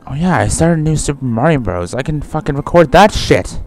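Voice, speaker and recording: A man's voice: a little high, animated, a little fast, darkish tone, faint music behind. A young man doing casual let's-play commentary, rambling, swearing freely and correcting himself mid-sentence. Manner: rambling, profane, self-correcting.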